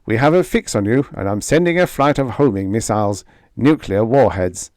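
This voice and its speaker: A man's voice: medium pitch, expressive, moderate pace, a little mellow, dry recording, close to an everyday voice. A man doing a brusque male commander, clipped, commanding, dry close sound. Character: brusque male military commander over a radio panel.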